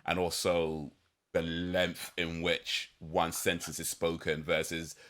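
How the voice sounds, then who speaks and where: A man with a very low-pitched voice hosts a casual podcast chat. He talks hesitantly, circling back with ums and false starts as he gathers his thoughts. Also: monotone, slow, fairly bright tone. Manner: hesitant, many ums and restarts. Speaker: podcast host.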